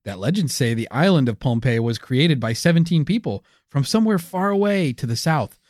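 A man's voice: mid-range voice, animated, fairly quick, darkish tone, dry recording, clean studio sound. A man co-hosting a comedic history podcast, telling the story with wry, teasing asides. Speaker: podcast co-host.

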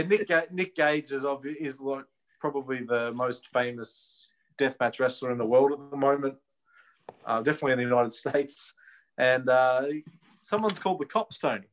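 Chatty Australian man, mid-pitched. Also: a little slow, long pauses. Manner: chatty, opinionated, laughs easily. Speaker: wrestling podcast co-host. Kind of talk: casual chat.

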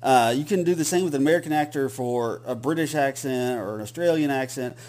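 A man's voice: medium pitch, brisk, a little mellow. Rambling Southern man co-hosting a podcast. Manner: rambling, many restarts and fillers. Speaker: podcast co-host. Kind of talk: casual chat.

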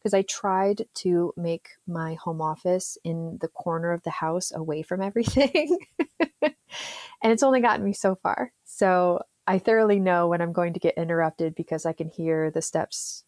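A woman's voice: lowish voice, normal speed, darkish tone, no room sound. Chatty, dry-sounding woman who laughs often. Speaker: therapist, podcast guest. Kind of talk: casual interview chat.

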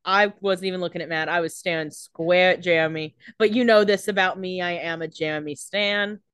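A woman's voice: fairly low pitch, fairly even intonation, a little fast, fairly bright tone, clean tone, no echo. Woman co-host, playful and jokey, casual chat, dry mic. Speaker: podcast co-host.

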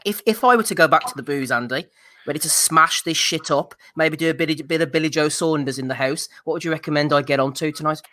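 A man hosting a live podcast, bantering with guests and reading out chat messages. His voice sits slightly high and his delivery is loose and upbeat. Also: quick pace, pushed and bright. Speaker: podcast host.

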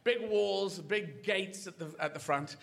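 High-voiced male stand-up comedian. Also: measured pace, fairly bright tone. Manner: rambling, playful storytelling. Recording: live show with clear crowd noise.

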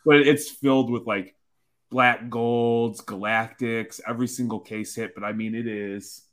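A man's voice: mid-range voice, fairly even intonation, measured pace, fairly bright tone. A man chatting casually and enthusiastically about his card collection, rambling with many restarts. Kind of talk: casual chat.

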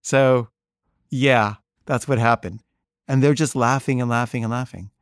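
A man recounts a family story in a loose, rambling way, leaning on fillers as he goes. His voice sits at an ordinary middle pitch. The recording is dry and close, with no room sound. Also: steady tone, normal speed, no echo. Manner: rambling, filler-heavy, wry. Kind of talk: casual personal storytelling.

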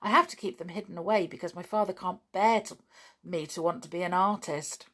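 A woman voicing a sullen teenage boy artist in a storybook reading, quiet and bitter. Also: fairly low pitch, brisk.

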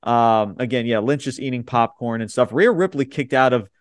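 A man co-hosting a wrestling review podcast, talking bluntly and swearing freely while he recaps the show. His voice sits at an ordinary middle pitch. The recording is dry and close, with no room sound. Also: moderate pace, no room sound. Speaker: podcast co-host. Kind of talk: casual wrestling review chat.

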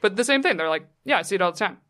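A woman's voice: medium pitch, expressive, very fast, a bit bright. A woman hosting a casual chat who reacts with gasps and asks frank questions.

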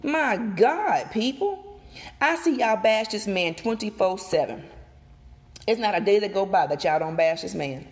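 A woman vlogger recording outdoors, giving emphatic, animated opinion commentary and talking straight to her viewers. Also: medium pitch, unhurried. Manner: emphatic, animated, repeats and addresses viewers directly. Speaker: gossip vlogger.

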